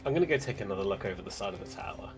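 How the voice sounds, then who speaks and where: Low male player, earnest and measured, faint music behind. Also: expressive. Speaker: tabletop game player. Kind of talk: casual in-character play.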